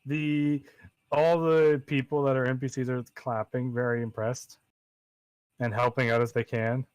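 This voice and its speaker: A man narrating a tabletop game as game master, in playful, halting narration with many fillers. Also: medium pitch, level tone, clean tone, no room sound.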